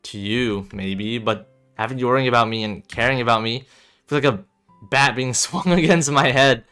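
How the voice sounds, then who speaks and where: Dude doing a tired guarded young guy in a game, quiet and low, crisp bright mic. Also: moderate pace, faint music behind, close to an everyday voice. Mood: subdued. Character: troubled young man, guarded and weary.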